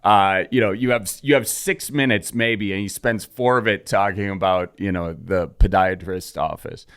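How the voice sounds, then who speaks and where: A man, hosting a podcast in a relaxed, easygoing way and thinking aloud as he talks. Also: sits low, moderate pace, clean tone. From Wisconsin. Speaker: podcast host. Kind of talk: casual podcast chat.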